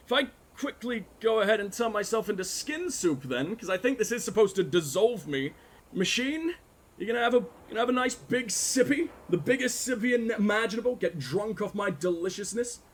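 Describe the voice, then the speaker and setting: A man's voice: high voice, a little hiss or hum. A man giving crude, sardonic let's play commentary while he plays a game. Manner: sardonic, crude, rambling jokes. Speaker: gaming streamer.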